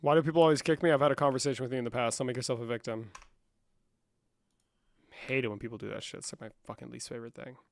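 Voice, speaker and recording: A man hosting a livestream in a casual, profane, slangy manner, saying "bro" a lot and swinging between low muttering and loud outbursts. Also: steady tone, very fast, vocal fry, pauses often, dry recording. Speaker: livestream host.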